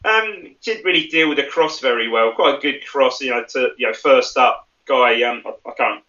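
A man's voice: medium pitch, moderate pace, bright, forceful tone. A man co-hosting a football podcast, talking through a match in a chatty way, thinking aloud and laughing often. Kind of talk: casual match analysis chat. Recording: roomy, distant and dull.

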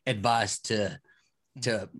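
A man's voice: on the low side, steady tone, slow, a bit bright. A young man talking casually on a podcast, hesitant, often repeating words and laughing. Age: young adult. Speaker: podcast guest. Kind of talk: casual chat.

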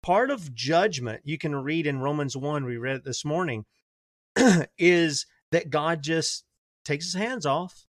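A man's voice: a little high, expressive, unhurried, no echo, clean studio sound. A man hosting a talk radio show, speaking conversationally and emphatically, often restarting his sentences. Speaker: radio host.

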